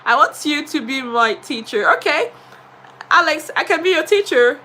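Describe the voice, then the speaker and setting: Brief: high, bright-voiced woman teacher, animated live stream storyteller who laughs as she talks. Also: normal speed, a little hiss or hum, poor audio. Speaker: English diction teacher and etiquette coach. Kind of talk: casual live stream chat.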